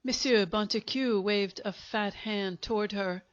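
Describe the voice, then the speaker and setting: A woman's medium-pitched voice carries a short story in scripted audiobook narration, told evenly and with care. The recording comes across as dull and lo-fi.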